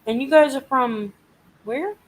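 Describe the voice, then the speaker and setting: A woman's voice: sits high, a little slow, rough recording. A woman hosting a casual live chat, venting and swearing as she animatedly retells a frustrating week. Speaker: live stream host.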